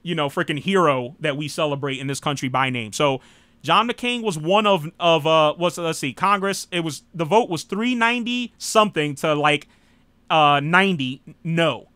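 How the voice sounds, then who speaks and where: Brief: American male talk host, high bright voice, dry close sound, rambling and blunt. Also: moderate pace, clean tone, no room sound. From United States. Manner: rambling, frequent "you know", blunt and irreverent. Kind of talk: casual live political talk.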